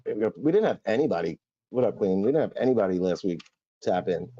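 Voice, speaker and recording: A man's voice: lowish voice, lively intonation, brisk, mellow, dry recording, highs cut off. A man co-hosting a podcast in casual chat, laid-back and slangy, giving short replies. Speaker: podcast co-host.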